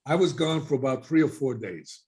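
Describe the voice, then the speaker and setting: Animated male storyteller. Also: mid-range voice, normal speed. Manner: animated storyteller, acting out quoted voices. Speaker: guest. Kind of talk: casual storytelling.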